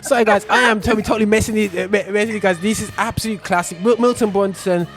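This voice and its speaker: A man's voice: high voice, quick pace, over music. Upbeat male host cheering along. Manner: lively, affirming with frequent "yeah, man" and "come on". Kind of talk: casual chat.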